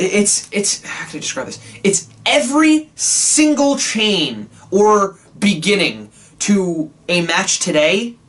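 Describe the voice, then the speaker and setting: A man reviewing old wrestling shows in a casual, sarcastic rant, swearing often and jumping into high mocking quotes. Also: distant mic. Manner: animated, sarcastic, profane, jumps to high squeaky quotes.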